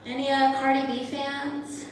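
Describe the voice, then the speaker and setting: A woman's voice: high voice, flat delivery, a little slow, noisy background. A woman doing a profane, punchy stand-up set in a hall. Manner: brash, profane, punchy delivery. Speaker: stand-up comedian. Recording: echoey hall from far off.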